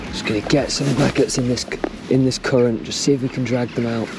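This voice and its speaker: A young English fishing vlogger chats casually and jokily on a riverbank, explaining his method and cheering when a fish bites. His voice is medium-pitched and steady, and he talks briskly. The outdoor recording is very noisy.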